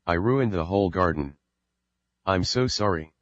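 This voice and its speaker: A man's voice: sits low, lively intonation, normal speed, no room sound, lo-fi sound. A man voicing a remorseful, timid young son who pleads and apologizes, in an audiobook reading. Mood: ashamed.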